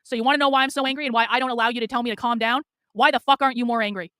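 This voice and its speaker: A woman political commentator ranting and scolding on a livestream, yelling and swearing at her audience. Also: fairly high pitch, fairly even intonation, rapid-fire, smooth, no room sound, clean studio sound. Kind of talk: livestream rant.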